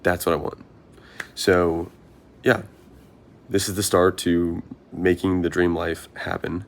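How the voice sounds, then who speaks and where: A man's voice: deep voice, little pitch movement, takes it slowly, slight background noise. A young man, a marathon runner, talking through his thoughts in an earnest, rambling vlog monologue, often asking himself questions.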